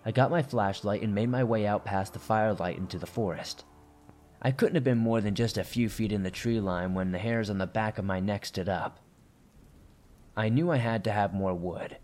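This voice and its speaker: A man narrating a first-person horror story in a steady, tense storytelling manner. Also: lowish voice.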